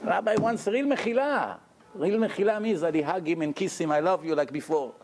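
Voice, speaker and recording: Animated male rabbi telling a story. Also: high-pitched, a little fast, slight background noise. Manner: animated, addresses the audience with questions. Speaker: rabbi giving a lecture. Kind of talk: storytelling sermon. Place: lecture room with audience, indoors.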